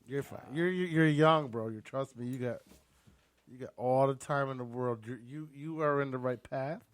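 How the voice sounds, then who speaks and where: A man hosting a casual radio show from a basement studio, loud, profane and joking, often laughing. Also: mid-range voice, normal speed.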